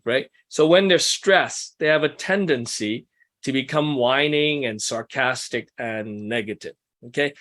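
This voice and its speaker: A man's voice: medium pitch, a little slow, fairly bright tone. A man leading a small-group workshop in casual teaching talk, asking the group questions and making self-deprecating asides. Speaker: workshop leader for ministry couples.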